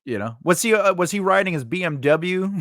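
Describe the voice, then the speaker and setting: A man's voice: high-pitched, lively intonation, fairly quick, fairly bright tone, no echo, clean studio sound. A man with a New York accent hosting a podcast interview in a casual, joking way, laughing often. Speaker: podcast host.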